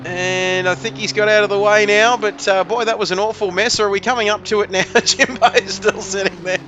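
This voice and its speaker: A man doing excitable, joking play-by-play commentary on a sim race. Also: high voice, a little fast, a little hiss or hum.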